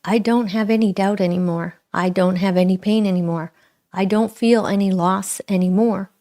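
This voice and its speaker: A middle-aged woman speaking earnestly and reflectively to viewers on a live spiritual talk, with frequent pauses. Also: mid-range voice, steady tone, dark tone. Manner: slow, pausing, earnest and self-reflective. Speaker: spiritual livestream host.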